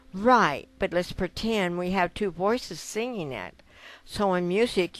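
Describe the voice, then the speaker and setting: A woman's voice: medium pitch, no echo. A woman giving a piano lesson, patiently explaining step by step and counting notes aloud. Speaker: piano teacher. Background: piano notes played between phrases.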